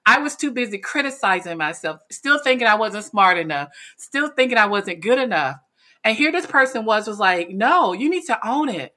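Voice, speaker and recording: A middle-aged woman from North Carolina speaks as an interview guest with a bright, clear tone. She is animated, laughs easily and acts out the lines of people in her story. Her pitch sits in an ordinary middle range. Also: normal speed. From North Carolina, USA. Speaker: podcast guest, speaker and coach.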